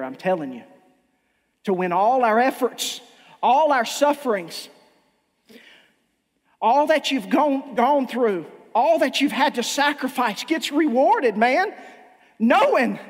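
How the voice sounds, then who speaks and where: A man's voice: very high-pitched, breathy edge. A male pastor preaching a sermon, impassioned and emphatic, stumbling over repeated restarts, heard in a church with long reverb.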